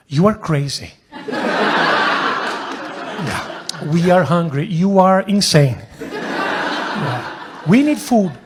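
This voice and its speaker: A man from Brazil with a Brazilian accent, performing a stand-up comedy set with deadpan storytelling and punchy put-on voices. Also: high voice, noisy background. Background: loud audience laughter.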